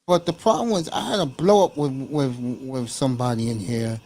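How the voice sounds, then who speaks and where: A man's voice: mid-range voice, moderate pace, a little mellow. A man hosting a casual sports chat show, speaking in a laid-back way and often calling people man and bro. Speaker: podcast host.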